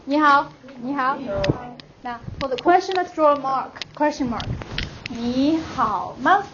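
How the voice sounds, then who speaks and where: High-voiced woman teaching a class. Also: normal speed. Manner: patient, modeling words for repetition. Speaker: Chinese language teacher. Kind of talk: classroom language lesson. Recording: dull audio, noisy classroom.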